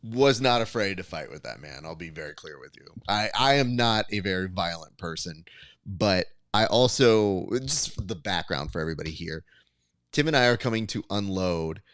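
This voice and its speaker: Smooth-voiced man telling a story. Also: low-pitched, moderate pace, no room sound. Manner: animated storytelling, acts out quotes. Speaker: podcast co-host. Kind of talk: casual chat.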